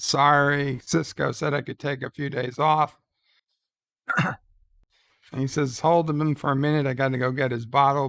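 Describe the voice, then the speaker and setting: Male stream host, calm reaction commentary, crisp voice, unhurried. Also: medium pitch, no room sound. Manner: retells scenes, quoting lines in a plain voice; reads out viewer chat messages.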